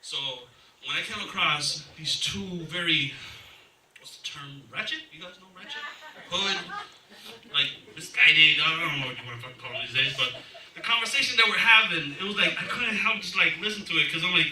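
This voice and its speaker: A man's voice: a little high, lively intonation, fairly quick, pushed and bright. Brief: male stand-up comic, crude crowd work, distant mic, room noise and echo. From Massachusetts, USA. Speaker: stand-up comedian. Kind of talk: stand-up comedy set. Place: comedy club stage. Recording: echoey club, far from the mic, noisy.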